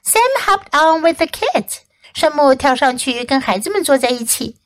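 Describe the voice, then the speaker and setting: A woman English teacher reading a children's story aloud in an expressive, clearly enunciated voice. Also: high voice, normal speed.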